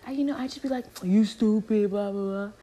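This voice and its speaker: A dismissive female coworker who apologizes without meaning it, as a woman puts her on. The voice jumps up high and airy, waving off the matter with a careless lilt. It sits a little back from the microphone. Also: brisk, warm tone, lightly acted. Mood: breezy apologetic.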